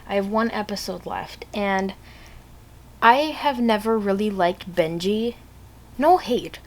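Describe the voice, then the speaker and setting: A woman's voice: medium pitch, slow. A young woman chatting casually in a reading vlog, rambling and gushing with lots of fillers. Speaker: vlogger.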